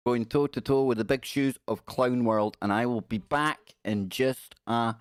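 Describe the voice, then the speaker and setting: Casual stream host, male, mid pitch, rambling and friendly, dry close mic, soft music bed. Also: a little slow, clear, resonant tone, no echo. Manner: rambling, friendly shout-outs to chat. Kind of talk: casual live stream chat.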